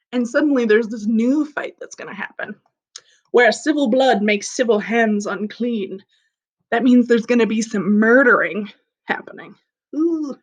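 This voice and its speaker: A woman's voice: on the high side, fairly bright tone. A young woman teaching an English class online in a chatty, playful way, explaining things simply. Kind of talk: recorded online class lesson.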